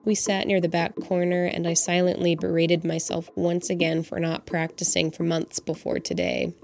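A woman's voice: on the low side, little pitch movement, moderate pace, a little mellow, a little hiss or hum. A woman in her twenties from Montana, narrating a personal story for her podcast in a reflective, candid, wry way. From Montana, USA. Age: 20s. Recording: clear music playing behind the voice.

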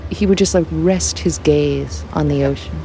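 Mellow-voiced woman narrator. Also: low voice, moderate pace, faint music behind. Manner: relaxed storytelling. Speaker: reporter, narrator. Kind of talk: scripted narration.

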